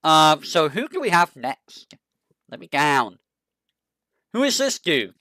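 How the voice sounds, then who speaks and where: This is a streamer in casual chat who thinks out loud, asks itself questions and stumbles through the bios it reads. The voice is bright and swings widely in pitch. It takes its time, and the dry, close sound has no room echo. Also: sing-song, slow pace. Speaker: VTuber streamer. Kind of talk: casual stream chat, browsing game characters.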